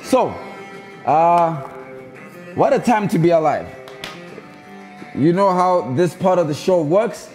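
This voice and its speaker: A man's voice: sits high, lively intonation, slow pace, pauses often, a little mellow, soft background music. Chatty man hosting a live stream. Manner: chatty, repetitive calls to viewers. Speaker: live show host. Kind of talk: casual live-stream chat.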